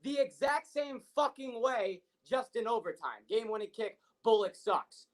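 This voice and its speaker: A man's voice: very high voice, animated, normal speed, rough recording. A man co-hosting a sports podcast, ranting with heavy profanity and frustration. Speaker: podcast co-host. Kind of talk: heated sports rant.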